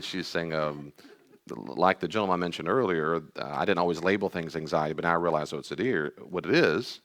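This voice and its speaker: A man counseling and teaching a live class on anxiety, talking to the audience in an animated, emphatic way and repeating key phrases. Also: sits low. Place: meeting room with live audience and online viewers.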